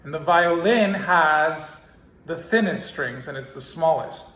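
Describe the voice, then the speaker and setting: Guy teaching singing, a bit high voice, explains stuff then sings drills, echoey room w piano. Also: takes it slowly, a bit bright. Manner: explains with analogies, then sings scale exercises. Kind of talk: singing lesson with exercises. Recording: roomy sound with piano behind.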